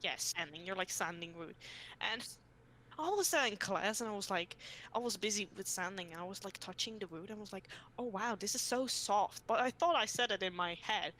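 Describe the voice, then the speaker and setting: A woman's voice: mid-range voice, animated, fairly quick, sharp tone. A woman co-hosting a casual chat, telling stories and acting out the voices of the people in them. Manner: chatty storyteller, acts out quoted voices. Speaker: co-host.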